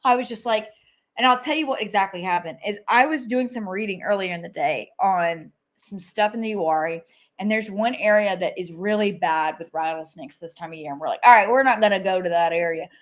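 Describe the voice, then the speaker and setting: A woman's voice: medium pitch, fairly quick. A woman co-hosting a paranormal live stream, recounting an encounter vividly and repeating herself for emphasis. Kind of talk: casual live-stream chat.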